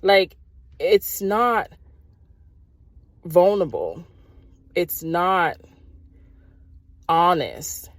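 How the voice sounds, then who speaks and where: A young adult woman talking casually and openly on her own podcast, animated and quick to laugh. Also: on the low side, dry recording. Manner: conversational, animated, laughs easily. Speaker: podcast host. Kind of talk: casual solo podcast talk about faith.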